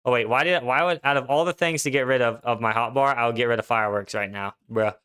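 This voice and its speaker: A young man talks through his gameplay on a live stream, loose and slangy, reading out viewers' questions as he goes. His voice is bright and clean, sitting at an ordinary male pitch. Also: fast, clean tone. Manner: laid-back, slangy, chatty, reads chat aloud. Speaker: gaming streamer. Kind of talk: casual live-stream commentary.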